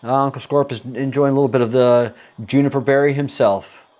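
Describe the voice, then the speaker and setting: A man's voice: medium pitch, fairly even intonation, brisk, darkish tone, dull audio. A man hosting a casual livestream, greeting viewers and answering chat comments in a rambling, hesitant way with lots of fillers. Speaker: livestream host.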